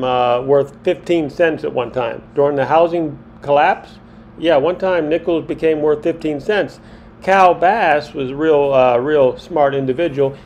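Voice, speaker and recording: A man's voice: on the high side, darkish tone, lo-fi sound, slight background noise. A middle-aged man vlogging to camera, ranting indignantly and repeating himself for emphasis. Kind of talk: monologue to camera.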